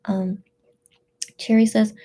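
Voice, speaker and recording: A tearful woman hosting a casual livestream, reading out chat messages in a subdued, hesitant way with many pauses and fillers. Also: medium pitch, flat delivery, dark tone.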